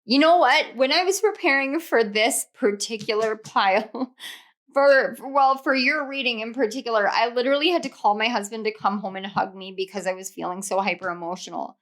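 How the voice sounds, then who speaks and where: A woman's voice: on the high side, normal speed, a bit bright. Emotional, giggly woman reading tarot. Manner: emotional, laughing often, gushing. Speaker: tarot reader.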